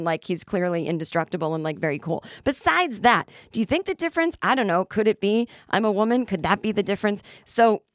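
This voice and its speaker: A woman's voice: mid-range voice, lively intonation, brisk, hardly any pauses, dry recording, studio quality. A middle-aged woman hosting a solo podcast, ranting sarcastically and acting out imagined conversations. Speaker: podcast host. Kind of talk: casual solo podcast monologue.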